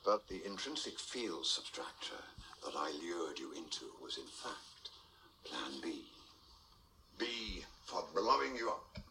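Haughty, gloating villain in a polished transatlantic accent. Low and lively, with a bright edge to his words. Heard from a distance over faint background noise. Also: a little slow, gravelly, long pauses, full character voice. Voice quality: pretentious, sophisticated tone. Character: suave menacing male villain gloating.

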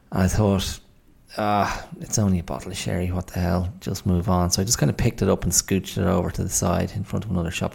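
A man's voice: low-pitched, gravelly, a little mellow, husky. An Irish man hosting a podcast, telling a story in a wry, exasperated casual monologue. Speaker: podcast host. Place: indoors at home, late night.

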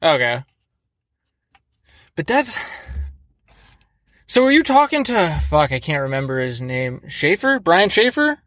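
A man from the Midwest hosting a casual podcast interview, excitable and rambling, full of fillers and swearing. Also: on the high side, a little slow, pauses often, no room sound, studio quality. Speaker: podcast host.

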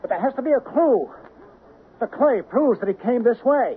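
A panicky guilty husband, pleading, 1970s radio play, lo-fi broadcast. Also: male voice, very high voice, lively intonation, moderate pace, breathy edge, full character voice. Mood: anxious. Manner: anxious, pleading, mumbling in his sleep. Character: guilt-ridden, frightened husband and salesman. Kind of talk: 1970s radio drama acting. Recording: narrow, phone-like old radio broadcast.

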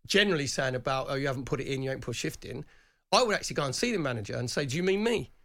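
Man, middle-aged, quick emphatic football talk, dry studio sound. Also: mid-range voice, lively intonation, a bit bright, no room sound. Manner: emphatic, repeats himself. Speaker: radio co-host, former footballer. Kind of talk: casual sports chat. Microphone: studio microphone.

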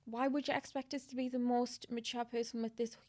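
A woman's voice: fairly high pitch, a little fast. Chatty young woman. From England. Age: 20s. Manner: animated storytelling, lots of "like". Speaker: guest. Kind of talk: casual podcast chat.

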